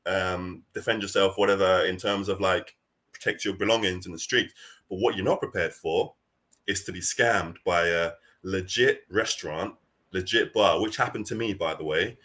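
A man's voice: lowish voice, sharp tone. A man in casual chat, earnestly telling a story with many repeated restarts.

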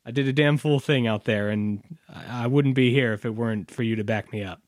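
A man's voice: medium pitch, a little fast, no echo, studio quality. A man speaking in character as a player in a tabletop role-playing game, casual and folksy.

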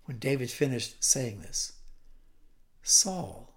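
A preacher retelling a story in a sermon, drawing it out and dropping to a hush for suspense. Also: male voice, mid-range voice, lively intonation. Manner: vivid, slows to a hush for suspense.

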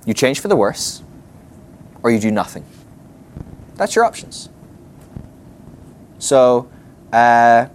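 A man teaching a ministry class in a conversational way, often acting out what people might say to themselves. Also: medium pitch. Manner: animated, conversational, acts out quoted inner voices.

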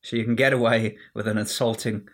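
A man's voice: fairly low pitch, little pitch movement, brisk, lightly acted. A man voicing a cheeky, self-mocking co-host in a put-on generic Irish accent. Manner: playful, self-mocking banter.

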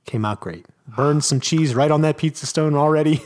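A man's voice: a little high, moderate pace. A man co-hosting a podcast in casual chat, telling stories with enthusiasm and joking around. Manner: animated storyteller, enthusiastic, jokey. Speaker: podcast co-host.

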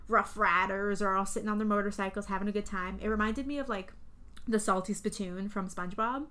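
A woman's voice: medium pitch, steady tone, fairly quick, sharp tone. A young woman co-hosting a podcast, chatting casually and animatedly, swearing and acting out scenes in voices. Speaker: podcast co-host. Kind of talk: casual chat recapping a film.

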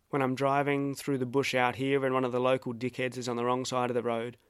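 An Australian man reads his own reflective personal essay in a measured, wry way with a dry, self-deprecating edge. His voice sits in an ordinary middle pitch for a man. The recording is close and dry, with no room sound. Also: smooth, dry recording.

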